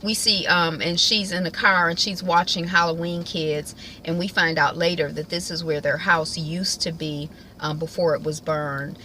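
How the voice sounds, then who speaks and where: A woman's voice: fairly low pitch, steady tone, normal speed, hardly any pauses, sharp tone, a little hiss or hum, poor audio. A woman at home giving a casual, colloquial recap of a TV episode, chatting and acting out the characters' lines. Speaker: TV recap vlogger.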